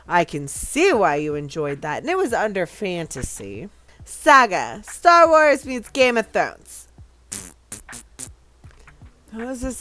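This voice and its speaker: A woman hosting a casual gameplay video, chatting and reading game text aloud with sudden excited outbursts. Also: mid-range voice, slow, long pauses. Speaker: gaming video host.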